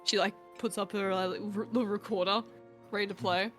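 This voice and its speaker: A woman's voice: medium pitch, steady tone, moderate pace, fairly bright tone, faint music behind. A woman playing in a tabletop game, matter-of-fact and amused in character. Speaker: player.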